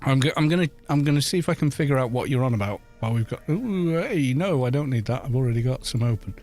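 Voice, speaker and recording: A man's voice: mid-range voice, rapid-fire, darkish tone, faint music behind. A middle-aged man with a London accent, chatting in a rambling way with viewers while he streams a game. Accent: London English. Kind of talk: casual chat while gaming.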